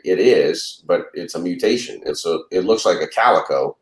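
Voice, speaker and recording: Deep-voiced man telling a rambling story. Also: normal speed. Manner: rambling, acts out dialogue in anecdotes. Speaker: reptile breeder guest. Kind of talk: casual storytelling. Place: lives in Louisiana. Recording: roomy echo.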